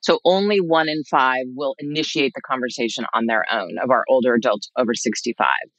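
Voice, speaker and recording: Measured clinician guest, dry close voice. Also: medium pitch, fairly bright tone, no room sound, low-quality recording. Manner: measured, reassuring, advice-giving. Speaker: expert guest, clinician for older adults. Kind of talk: explanatory interview answers.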